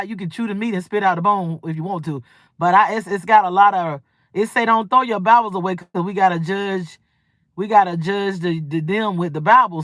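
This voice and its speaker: A woman's voice: fairly high pitch, fairly bright tone, no echo, clean studio sound. Blunt, rambling woman on a livestream. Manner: rambling, blunt, profane, preachy. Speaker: livestream host. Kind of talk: casual monologue. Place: home livestream.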